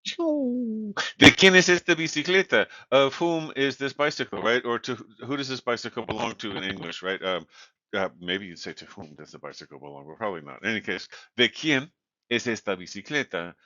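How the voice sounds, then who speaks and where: Male college instructor, lower voice, dry close sound, explanatory lecture with frequent fillers. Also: sharp tone, no room sound. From California. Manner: explanatory, many fillers and "right?" checks. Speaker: Spanish instructor. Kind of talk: recorded lecture. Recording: dull, lo-fi sound.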